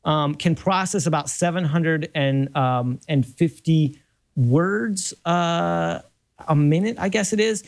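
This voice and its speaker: A man's voice: a little high, takes it slowly, creaky. A man talking as a guest on a tech panel show, recommending a book eagerly with many fillers. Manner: eager, lots of fillers and restarts. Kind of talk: casual chat on a panel show.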